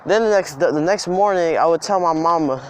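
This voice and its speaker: A man's voice: a little high, fairly quick, a little hiss or hum. A young man telling a personal story outdoors in a casual, rambling, emphatic way. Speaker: vlogger. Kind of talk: storytime vlog. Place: outdoors in the cold.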